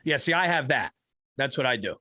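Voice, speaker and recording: A man co-hosting a comedy podcast, telling stories in an animated, profane way and laughing often. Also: medium pitch, brisk, dry recording, studio quality. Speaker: podcast co-host. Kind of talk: casual comedic chat.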